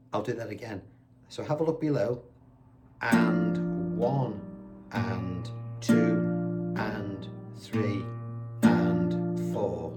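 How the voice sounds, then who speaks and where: A man teaching a guitar lesson, chatty and reassuring, counting beats aloud as he plays. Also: mid-range voice. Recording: guitar playing loudly behind the voice.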